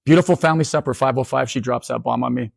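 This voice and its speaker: Animated man telling funny stories. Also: mid-range voice, gravelly, no room sound. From Canada. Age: 40s. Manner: animated, self-mocking, quick asides. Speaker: keynote speaker. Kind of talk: humorous storytelling talk.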